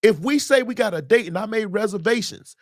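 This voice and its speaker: Male host, casual livestream Q&A, emphatic and lively, high voice. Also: fairly quick, no echo, clean studio sound. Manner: animated, emphatic, preachy asides. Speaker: host, musician.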